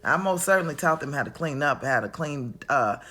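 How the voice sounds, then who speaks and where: A woman's voice: deep voice, lively intonation, brisk, bright, forceful tone, breathy edge. A woman in her forties talks at home in a reflective, casual monologue, chatty and calling the listener honey. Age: 40s. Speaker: vlogger. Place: at home, indoors.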